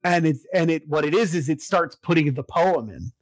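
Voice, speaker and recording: An excitable man in casual chat, walking through a video game story with plenty of filler words and the odd curse. His voice sits a bit high for a man and sounds close and dry, with no room around it. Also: moderate pace, no room sound, low-quality recording. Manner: excitable, swears, lots of fillers. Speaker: podcast co-host recapping a video game.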